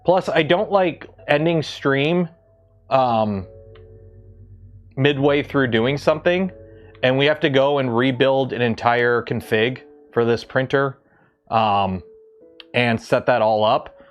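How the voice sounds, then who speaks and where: A man's voice: medium pitch, slow pace, long pauses, soft background music. A man from Canada hosting a livestream, talking casually and rambling with lots of ums and restarts. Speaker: livestream host.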